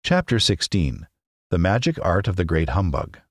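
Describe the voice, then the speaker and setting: Deep-voiced, expressive male storyteller. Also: moderate pace, no echo, clean studio sound. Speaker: podcast narrator. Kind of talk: audiobook narration.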